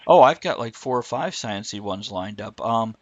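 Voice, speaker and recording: A man's voice: lowish voice, animated, normal speed, dry recording, muffled recording. A man co-hosting a live stream, rambling casually and breaking off mid-thought. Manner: rambling, self-interrupting, reads chat aloud. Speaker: livestream co-host.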